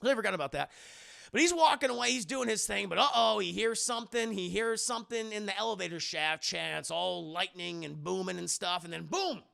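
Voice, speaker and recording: A man streaming a casual, profane scene-by-scene movie recap to his live chat, quickly acting out the characters' lines. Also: high voice, creaky, bright, forceful tone. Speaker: streamer and film reviewer.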